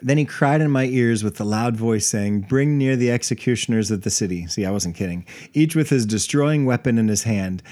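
A man's voice: mid-range voice, a little fast, hardly any pauses, mellow. A man co-hosting a casual Bible study podcast, reading scripture aloud and then chatting with easy laughs. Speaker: podcast co-host.

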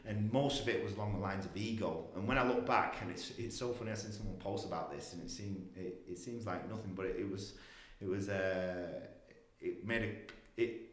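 A man's voice: low voice, brisk. A man telling a personal story in casual talk, acting out voices and swearing freely. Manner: animated, swearing, acts out voices. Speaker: guest. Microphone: podcast mic. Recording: echoey room.

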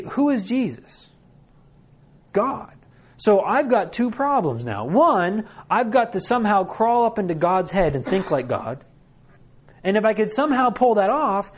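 A man's voice: high-pitched, darkish tone. Male conference preacher, chatty and wry, asks the room questions. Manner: conversational preaching with humor and rhetorical questions. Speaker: conference speaker. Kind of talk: sermon. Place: conference hall.

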